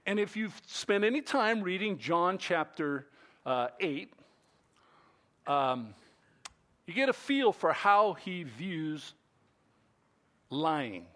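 A man delivers a sermon in a high voice that leaps around in pitch. He speaks at an unhurried pace, breaking into playful acted-out bits to drive his points home. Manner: animated, playful storytelling with acted-out quotes. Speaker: preacher.

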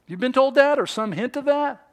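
A man preaching a sermon as pastor, swinging from hushed, quiet stretches to loud, excited ones. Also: very high voice, moderate pace. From United States.

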